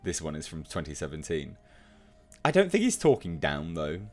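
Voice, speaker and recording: A man's voice: rumbling low, huge pitch swings, moderate pace, faint music behind. A man giving opinionated commentary, reading out online comments and mocking them with emphatic scorn. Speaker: commentary youtuber.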